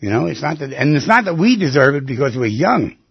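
A man's voice: on the high side, big pitch swings, brisk, gravelly, slightly rough, dry recording. A middle-aged man hosting a radio call-in show, counseling callers in a direct, coaxing, plain-spoken way. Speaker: radio call-in host and therapist. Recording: dry, muffled radio broadcast audio.

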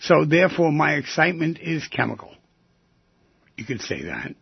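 A man with a gravelly, very husky voice hosts a radio call-in show, pressing listeners with one question after another. He teases and jumps to sudden loud bursts. The sound is dry and somewhat dull. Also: fairly high pitch, big pitch swings, moderate pace, dry recording. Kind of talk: talk radio monologue.

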